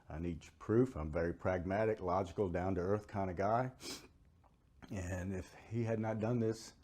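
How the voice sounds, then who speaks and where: A middle-aged man giving an emotional personal account, his voice climbing high as he relives the experience. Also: warm tone. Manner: emotional, pitch rising sharply as he relives it. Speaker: near-death experiencer. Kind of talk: personal testimony.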